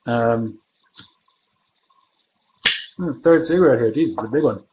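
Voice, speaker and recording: A man's voice: medium pitch, unhurried, background noise. A man from Germany who runs tabletop games, chatting casually on a livestream and thinking aloud as he answers viewer comments. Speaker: game master.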